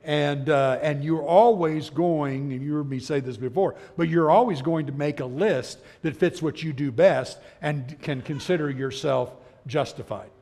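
A middle-aged man with a gravelly, fry-edged voice teaches a Bible class in a church hall. He tells his stories with animation, slipping into the voices of the people he quotes and chuckling between points. A long reverb trails every phrase. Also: a little high, a little slow, few pauses, mellow. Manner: chuckles as he talks.

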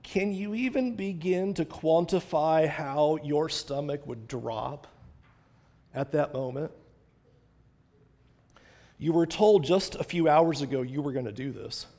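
Male preacher, high-pitched, dramatic and earnest in delivery, long hall echo. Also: slow, pauses often, warm tone. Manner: earnest preaching, dramatic retelling with rising intensity. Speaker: pastor. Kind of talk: sermon.

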